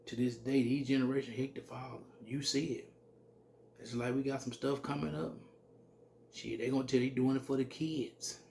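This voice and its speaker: A man with a gravelly, mellow voice teaches scripture in a blunt, salty way. He reads verses slowly and then breaks into plain commentary. Faint noise sits under the recording. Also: mid-range voice. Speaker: religious teacher.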